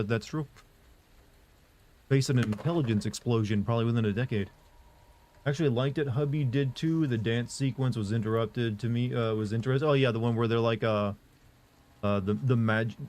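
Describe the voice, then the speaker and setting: A man talking casually on a livestream, reading and answering chat. His delivery is flat and monotone, at a middle pitch, and he rambles with fillers and restarts. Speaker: streamer answering live chat.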